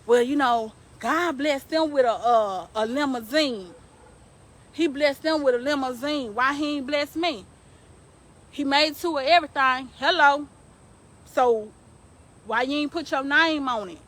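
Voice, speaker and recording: A woman's voice: sits high, a little slow, fairly bright tone, poor audio. A young adult woman hosting a live stream, preaching emphatically to her viewers and repeating her points for weight.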